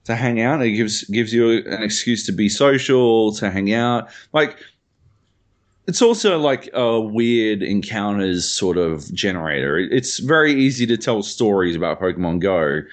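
A man's voice: lowish voice, animated, moderate pace. A young man co-hosting a podcast, rambling through casual stories, swearing freely and laughing often. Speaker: podcast co-host. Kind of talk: casual chat.

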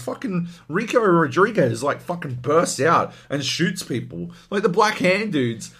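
A man's voice: fairly high pitch, sing-song, a little slow, hardly any pauses, a bit bright, husky. A man co-hosting a gaming podcast in casual chat, ranting animatedly with lots of swearing. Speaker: podcast co-host.

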